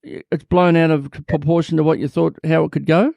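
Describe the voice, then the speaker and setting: Gravelly co-host. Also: male voice, on the high side, steady tone, normal speed, a little mellow, dry recording. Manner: short upbeat questions and reactions. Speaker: podcast co-host. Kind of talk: casual chat.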